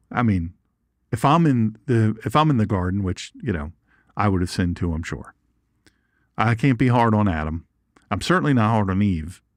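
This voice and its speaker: Animated folksy man teaching. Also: fairly low pitch, dry recording, studio quality. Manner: folksy and animated, asides and jokes, reads viewer comments. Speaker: Bible teacher and show host. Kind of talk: informal livestream Bible teaching.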